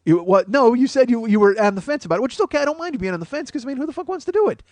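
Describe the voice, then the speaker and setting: A man hosts a comedy podcast in a high register, riffing in a profane, rambling way that keeps cutting itself off. The sound is dry and close, with no room around it. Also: animated, racing, a little mellow, no echo. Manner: profane, rambling, self-interrupting. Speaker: podcast host.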